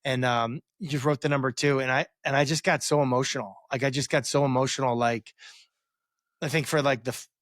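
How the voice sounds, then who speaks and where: A man's voice: medium pitch, steady tone, brisk, fairly bright tone, no room sound. Dry, rambling man telling a story. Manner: rambling, many fillers and restarts. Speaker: guest, former quarterback. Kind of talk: reflective storytelling interview.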